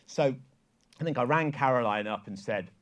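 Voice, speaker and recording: A man with a lively storytelling manner, telling an anecdote on stage to a live audience and leading a sing-along. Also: medium pitch, moderate pace. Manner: lively storyteller, quoting emails in voices. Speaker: songwriter giving a talk. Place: event hall with live audience.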